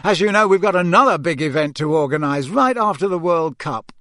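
A man's voice: on the high side, expressive, brisk, sharp tone, no echo, studio quality, pitched above the performer's own voice. A man reading an audiobook who voices a pompous, self-important young official who speaks sanctimoniously.

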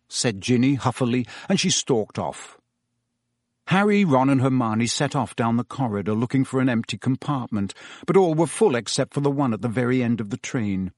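Man, audiobook narrator, lively intonation, measured, dry close sound. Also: mid-range voice, no room sound. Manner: measured storytelling, voices each character. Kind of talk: scripted narration.

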